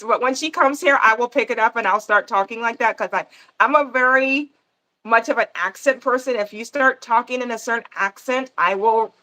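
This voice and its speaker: A woman's voice: a little high, sharp tone. A woman from Panama hosting a gardening channel, chatting casually on a livestream and answering viewer comments as she goes.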